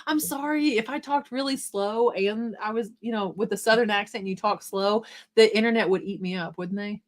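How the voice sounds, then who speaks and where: A middle-aged woman hosts a casual live stream, talking fast and upbeat as she reads out viewer comments. Her voice sits at an ordinary pitch, and her tone stays encouraging and chatty.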